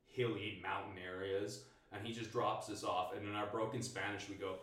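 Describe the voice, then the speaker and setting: A man's voice: lowish voice, level tone, normal speed, fairly bright tone. A man who is a guest on a podcast, telling a story casually, swearing a lot and saying "like" often. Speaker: podcast guest, stand-up comedian. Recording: echoey room, distant mic.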